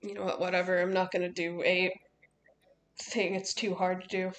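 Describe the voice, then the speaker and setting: A woman's voice: lowish voice, flat delivery, normal speed, a little hiss or hum. A woman streaming while she draws, chatting playfully and poking fun at herself. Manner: playful and self-mocking. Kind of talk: casual stream chat while drawing.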